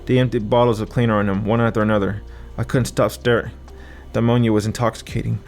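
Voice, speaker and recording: A man's voice: lowish voice, flat delivery, fast talker, darkish tone, faint music behind. A man narrating a first-person thriller audiobook with vivid, dramatic storytelling.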